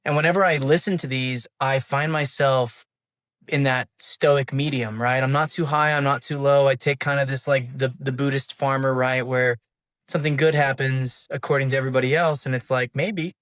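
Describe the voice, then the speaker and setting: A man's voice: mid-range voice, level tone, normal speed, fairly bright tone, dry recording. A middle-aged man hosting a podcast, talking candidly and a little rambling, with a self-deprecating manner. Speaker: podcast host. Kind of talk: casual interview chat.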